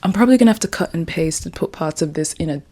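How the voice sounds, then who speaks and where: A woman's voice: on the low side, expressive, quick pace, warm tone. A woman in her twenties chatting alone in her room, rambling and playful as she talks about her writing. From Jamaica. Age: 20s. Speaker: vlogger. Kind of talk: casual chat vlog.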